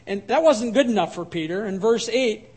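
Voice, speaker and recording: A male pastor delivers a sermon with earnest emphasis, mixing rhetorical questions and personal stories. His voice sits noticeably high for a man. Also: lively intonation, moderate pace, a little mellow, slightly rough.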